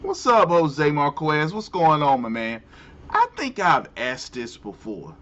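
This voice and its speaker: A man rants in loose commentary. His pitch swings widely and his delivery is slow and drawn out. The sound is dull and lo-fi. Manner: animated, incredulous, exclamatory. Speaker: show host. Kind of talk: casual commentary rant.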